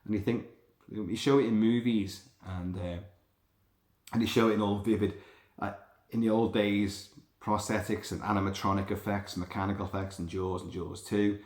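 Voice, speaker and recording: Sweary rambling guy, lowish voice, echoey room. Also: normal speed. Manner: rambling, sweary, animated storytelling. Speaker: podcast host. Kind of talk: casual monologue. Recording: roomy echo.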